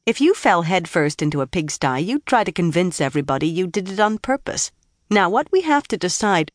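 A woman's voice: fairly low pitch, sing-song, brisk, no room sound. A woman reading an audiobook voicing a self-assured young woman with a cool, condescending manner, in a dry recording. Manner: cool and amused.

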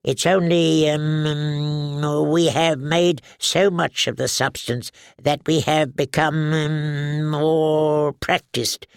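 A man reading an audiobook, voicing a nervous male alchemist with a squeaky, halting voice full of hesitations. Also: flat delivery, clear, resonant tone, dry recording, clean studio sound. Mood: flustered.

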